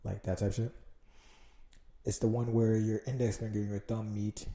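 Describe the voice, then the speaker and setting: Dark-voiced Jamaican man musing on a podcast. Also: lowish voice, flat delivery, moderate pace, echoey room. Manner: rambling, profane, loses his train of thought. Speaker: podcast host. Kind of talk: casual solo podcast monologue.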